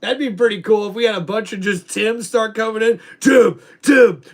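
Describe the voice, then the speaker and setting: Excitable high-voiced man hosting a stream. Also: fairly quick. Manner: excitable, laughs often, chats with viewers. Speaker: livestream host. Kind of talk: live wrestling reaction and chat reading.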